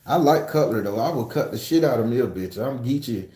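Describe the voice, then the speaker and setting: A man's voice: medium pitch, expressive, quick pace, warm tone, echoey room. A man hosting a casual livestream from home, reading viewer comments and telling stories in a loose, profane, joking way. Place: room at home.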